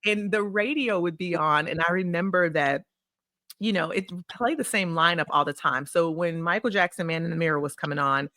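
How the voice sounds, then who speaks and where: A woman guest on a podcast, telling personal stories in a casual, animated way and acting out remembered dialogue. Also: fairly low pitch, brisk, no room sound, studio quality. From Illinois, USA. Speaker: podcast guest, consulting firm CEO. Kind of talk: casual interview storytelling.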